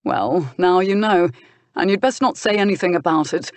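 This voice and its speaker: A woman voicing a firm, steady uncle and guardian in an audiobook, measured and dryly mocking. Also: lowish voice, no room sound, natural voice. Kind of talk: audiobook character voice.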